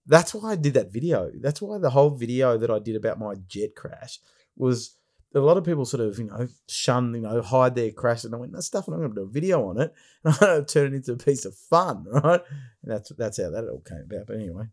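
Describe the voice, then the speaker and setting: A man's voice: medium pitch, animated, brisk, a little mellow. A man interviewing a guest in a casual conversation, joking and laughing along.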